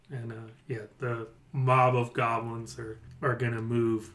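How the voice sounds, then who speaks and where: Male game master, casual and halting. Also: medium pitch, level tone, fairly bright tone. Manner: halting, laughs easily. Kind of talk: narrating a tabletop game.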